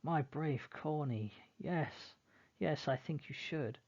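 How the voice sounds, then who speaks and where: A man's voice: a little high, slow, darkish tone, muffled recording, pitched above the performer's own voice. A man voicing a pompous, bossy elder brother who plays at giving military commands. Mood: commanding.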